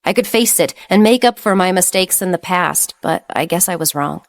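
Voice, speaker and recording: A woman voicing a kind, timid young gentleman who speaks softly and pleasantly. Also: fairly low pitch, close to an everyday voice. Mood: rueful. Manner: soft, pleasant and slow.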